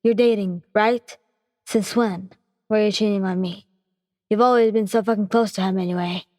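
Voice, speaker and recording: A woman's voice: mid-range voice, steady tone, normal speed, a little mellow, clean studio sound, natural voice. A woman voicing a snarling jealous young boyfriend. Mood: enraged. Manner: snarling, cursing, accusing. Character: hot-tempered jealous young male boyfriend. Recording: breathy voice with long reverb.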